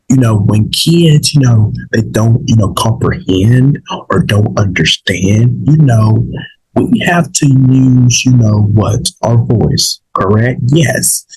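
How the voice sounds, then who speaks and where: A man's voice: lowish voice, vocal fry, a little mellow, slightly rough, rough recording. A man, a little sick and saving his voice, talking casually to his viewers in a rambling way, with many fillers and restarts. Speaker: vlog host. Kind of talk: casual opinion talk to viewers.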